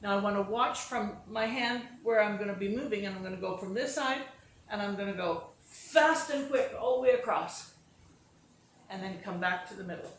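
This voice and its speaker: A woman's voice: medium pitch, normal speed, slight background noise. A woman chatting casually to camera, self-deprecating, talking through each movement as she goes. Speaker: vlogger demonstrating exercises and telling stories. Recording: roomy echo with faint ambience.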